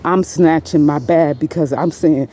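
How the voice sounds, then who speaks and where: A woman casually recounting a store incident as a vlog storytime, animated and rambling, her pitch leaping up whenever she quotes someone. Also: measured pace, a little hiss or hum. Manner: animated, jumps much higher in pitch when quoting herself and others; rambling, many fillers and restarts. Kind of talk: casual first-person storytime.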